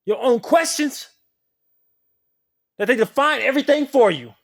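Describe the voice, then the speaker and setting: A spiritual video creator delivering an impassioned, profane rant to the camera. The delivery swings from low muttering to shouting. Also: lively intonation, measured pace, gravelly.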